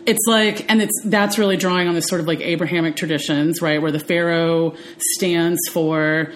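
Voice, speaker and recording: A woman in casual conversation on a podcast, telling stories in an animated, chatty way with plenty of fillers. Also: fairly low pitch, normal speed, a little hiss or hum. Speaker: podcast co-host. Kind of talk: casual chat.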